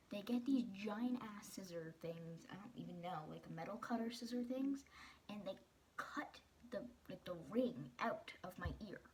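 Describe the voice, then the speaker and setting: A woman's voice: on the low side, slight background noise. A teenage girl vlogging, telling a personal story in a casual, chatty way, full of "like" and quoting the people in it.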